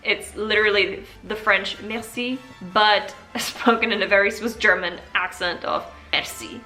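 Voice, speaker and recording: A woman's voice: mid-range voice, steady tone, unhurried, bright, forceful tone, soft background music. A woman vlogger talking casually and playfully as she teaches basic phrases, often laughing. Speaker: language vlogger. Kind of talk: casual tutorial chat.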